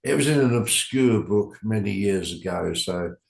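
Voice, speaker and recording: A man's voice: fairly low pitch, animated, normal speed, vocal fry. An older man chatting casually about UFO stories, rambling and trailing off into asides. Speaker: club organizer, guest. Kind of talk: casual chat. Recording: echoey room.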